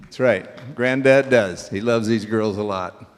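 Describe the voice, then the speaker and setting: A man's voice: fairly low pitch, measured pace. A man emceeing a graduation ceremony in a folksy, joking way, calling people up. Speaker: auctioneering school emcee. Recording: long hall reverb.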